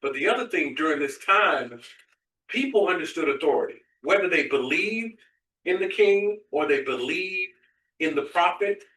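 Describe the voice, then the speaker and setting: Bright-voiced man, distant and echoey. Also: fairly high pitch, lively intonation, normal speed. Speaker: study group participant. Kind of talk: discussion comment. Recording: echoey room, voice from far off.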